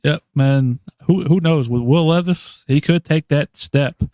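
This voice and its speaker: A man's voice: a little high, a little slow, darkish tone, no room sound, studio quality. A man co-hosting a podcast, talking through draft picks in casual chat, thinking aloud with many ums and restarts. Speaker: podcast co-host.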